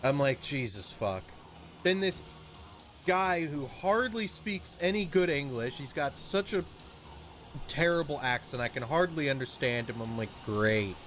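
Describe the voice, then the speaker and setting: A man's voice: a little high, normal speed, fairly bright tone, slight background noise. A man streaming a video game, chatting casually and ranting with a rambling, swearing delivery. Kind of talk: casual chat while streaming.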